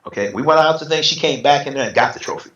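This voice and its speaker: Brief: man, middle-aged, relaxed storyteller who voices other people's lines, roomy slightly dull recording. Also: medium pitch, racing. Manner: animated, acts out quotes in other voices. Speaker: interview guest, retired bodybuilder. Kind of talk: casual storytelling.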